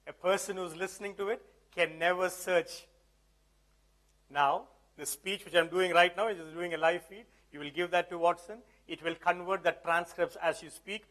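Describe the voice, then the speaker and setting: A man's voice: sits high, fairly bright tone. A man presenting a live tech demonstration at an event, talking conversationally and often checking that the audience follows. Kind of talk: live tech demo talk. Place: event hall.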